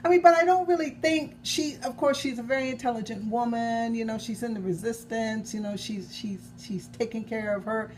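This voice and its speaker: A woman's voice: on the high side, a little fast, hardly any pauses, a little mellow. Rambling woman chatting about her novel. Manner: rambling, self-correcting, chuckling. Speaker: novelist vlogger. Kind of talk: casual chat about her own novel.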